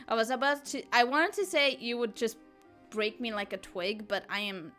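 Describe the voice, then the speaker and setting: A woman's voice: fairly high pitch, moderate pace, pushed and bright, faint music behind. A woman chatting casually on a live art stream, giggling often as she playfully answers chat while she draws.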